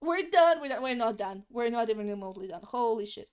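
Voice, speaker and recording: A young woman with a high voice talks casually as she draws on a live stream. She rambles, repeats herself and swears freely. English is not her first language. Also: animated, fast, smooth. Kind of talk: casual chat while drawing.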